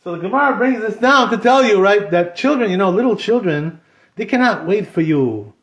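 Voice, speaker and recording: A rabbi with a high-pitched voice gives a relaxed Torah talk to a small group. He speaks informally and fills his sentences with "you know" and Hebrew terms. The room is echoey. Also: brisk. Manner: conversational, constantly says "you know", mixes in Hebrew terms.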